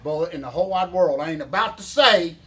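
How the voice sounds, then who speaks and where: A man, hosting a show in a folksy, excitable, rambling way. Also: a little high, fast talker. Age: 50s. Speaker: show host. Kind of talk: casual banter.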